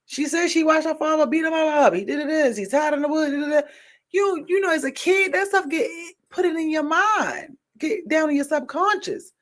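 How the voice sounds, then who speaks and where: A woman hosting a podcast in casual chat, emphatic, repeating phrases for stress and swinging between loud and soft. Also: high voice, moderate pace. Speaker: podcast host.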